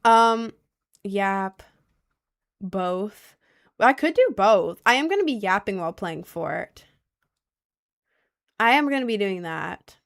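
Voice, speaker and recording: A young adult woman livestreaming, chatting casually and reacting to her chat with lots of slang and quick asides. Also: medium pitch, animated, gravelly.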